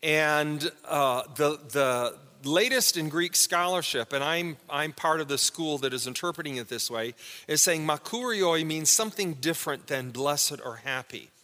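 A male pastor with a bright, ringing voice pitched a little high, preaching to his congregation in a relaxed, conversational way. He stops to quiz the pews with quick questions. His voice carries through a church sanctuary with a long echo. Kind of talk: sermon with Bible word study.

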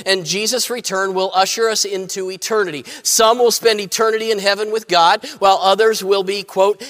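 A man's voice: high-pitched, fairly bright tone. A man preaching a sermon as pastor, plain-spoken, with many fillers and repeated starts. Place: church sanctuary. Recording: long church reverb.

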